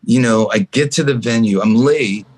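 A man from Canada with a husky, slightly breathy voice at an ordinary middle pitch, telling a story as a podcast guest. He talks animatedly and slips into other people's voices when he quotes them. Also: moderate pace. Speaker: guest musician. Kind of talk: storytelling anecdote in a podcast chat.

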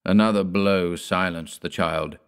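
Deep-voiced male horror storyteller. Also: steady tone, clear, resonant tone. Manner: measured, deliberate storytelling. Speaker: audiobook narrator. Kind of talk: scripted narration of a gothic horror tale.

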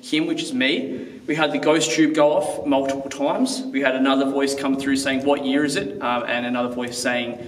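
A man's voice: mid-range voice, fairly even intonation, moderate pace. A young man investigating a haunting outdoors, earnestly coaxing and politely questioning unseen spirits. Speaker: paranormal investigator vlogger. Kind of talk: casual ghost-hunt narration and questions to spirits. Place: outdoors at an old stone bridge. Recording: echoey, far from mic, faint noise.

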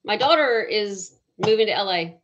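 A woman's voice: mid-range voice, lively intonation, normal speed. A middle-aged woman, chatting casually with viewers as host of her live stream. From southern United States. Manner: chatty, greets viewers by name with bright bursts. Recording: dull lo-fi stream audio.

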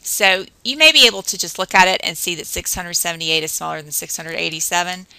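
A woman teacher narrating a recorded math lesson, explaining patiently and counting through drills slowly. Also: lowish voice, vocal fry, bright, forceful tone, clean tone, poor audio.

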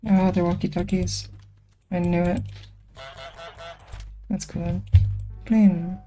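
A young woman chats her way through a video game in a slow, mellow voice, giggling often and teasing the characters on screen. Her delivery is playful and unhurried. Faint music plays underneath. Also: lowish voice, level tone. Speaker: gaming streamer. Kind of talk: casual gameplay commentary.

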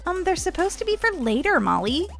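A woman's voice: extremely high pitch, sing-song, brisk, creaky, faint music behind. A woman playing the mom in a family role-play game, patient and mildly scolding. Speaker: role-player voicing the mom.

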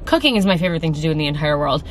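Deep-voiced, animated and rapid-fire, a young woman chats casually in a vlog from her home and car. She rambles, makes fun of herself, laughs often and swears freely, and the echoey recording has faint ambient noise.

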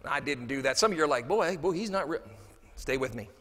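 A man's voice: on the high side, fairly quick. A man giving a humorous motivational keynote in a banquet hall, acting out the people in his stories. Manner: animated, acts out quoted dialogue. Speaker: motivational speaker. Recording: reverberant hall.

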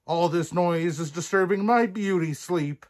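A man's voice: sits high, unhurried, voice pushed up. A vain, smug prince from a fairy tale, growling his complaints, as a man reading aloud puts him on. His voice is raised and haughty, full of self-importance. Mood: grumpy.

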